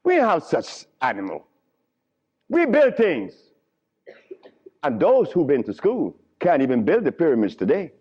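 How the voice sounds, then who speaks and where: A man gives a lecture to a crowd, his fairly high voice swooping up and down as he tells stories and chuckles between points. The old recording is dull and lo-fi. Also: a little slow, long pauses, breathy edge. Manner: animated storytelling with frequent chuckles. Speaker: lecturer on herbal healing. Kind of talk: lecture to a live audience.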